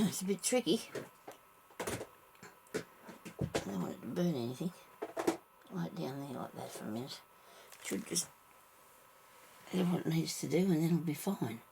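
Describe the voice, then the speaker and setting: A woman with a strongly gravelly, fry-laden voice narrates her stitching in a relaxed, rambling way, half to herself and half to the viewer. She drifts off mid-sentence and sometimes drops to a hushed whisper. A faint hiss sits behind her. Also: low-pitched. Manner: chatty, talks to herself, trails off mid-sentence; drops to soft whispers at times. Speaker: sewing vlogger. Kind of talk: casual thinking aloud while stitching.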